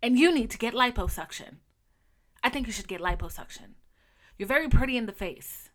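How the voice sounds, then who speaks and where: A woman doing a quick impression of a brash, blunt older female talk-show host, with loud bossy pronouncements. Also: fairly high pitch, expressive, voice pushed up.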